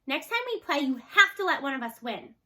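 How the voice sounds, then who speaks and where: A cheeky little girl, bossy and playful, brought to life in a storybook read-aloud by a woman. Her voice sits high and bright. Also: very animated, fairly quick, full character voice.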